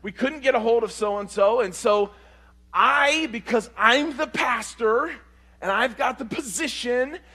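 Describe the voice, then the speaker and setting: Male pastor with a high-pitched voice, preaching through a story with lively swings from loud to quiet. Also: measured pace, breathy edge. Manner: animated, swings between loud and hushed. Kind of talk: storytelling sermon.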